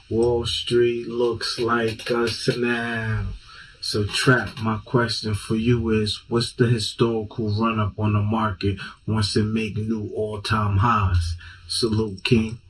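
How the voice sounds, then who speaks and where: Slow, flat-voiced male caller. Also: fairly low pitch, slight background noise, poor audio. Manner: slow, relaxed slangy greeting. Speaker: caller asking a question. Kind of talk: casual call-in question.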